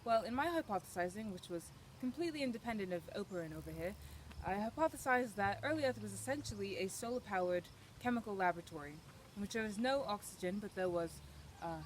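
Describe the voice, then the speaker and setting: A woman's voice: mid-range voice, expressive, fast talker, close to an everyday voice. A teenage girl playing a fussy, rambling British male scientist in a homemade comedy sketch, on a noisy recording. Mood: lecturing. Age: late teens. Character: chatty British male scientist, eager to leave. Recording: noisy home video recording.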